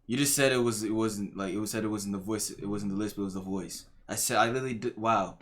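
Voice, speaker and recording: A man's voice: fairly low pitch, fast talker. A man streaming live, reacting to a video in casual, jokey, rambling chat. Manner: excitable, jokey, rambling and loud.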